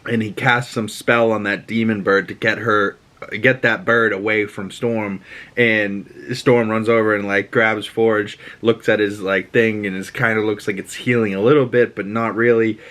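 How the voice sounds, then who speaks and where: A man hosting a casual reaction podcast, recapping a cartoon episode in an excitable, swearing way. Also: fairly low pitch, moderate pace. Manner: excitable, profane, laughs and shouts at scenes. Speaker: podcast host.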